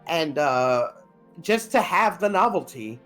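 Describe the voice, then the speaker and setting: A laid-back podcast co-host at a middle pitch, chatting casually and chiming in with jokes and the odd swear. Faint music plays underneath. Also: sing-song, slow pace, fairly bright tone. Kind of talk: casual chat.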